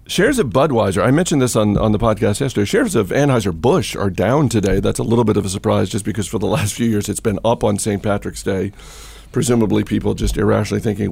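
Male podcast host, lowish husky voice, casual storyteller with lots of ums. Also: fairly quick, a little mellow. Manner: chatty, with many fillers and restarts. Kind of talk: casual storytelling and market chat.

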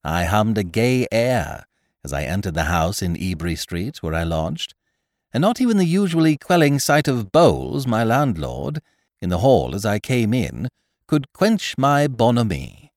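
A man narrating a story in a wry, expressive reading. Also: on the low side, measured pace, no room sound, clean studio sound. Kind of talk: scripted audiobook narration.

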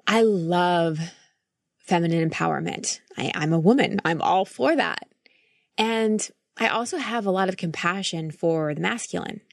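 A woman's voice: fairly low pitch, a little slow, creaky, no echo, studio quality. A woman life coach hosting a podcast, talking through her thoughts in an earnest, reflective monologue with frequent restarts.

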